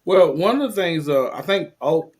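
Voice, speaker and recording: A man in his forties, a podcast guest, speaking in a measured, reflective way about parenting. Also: on the high side, animated, darkish tone. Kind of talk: casual chat.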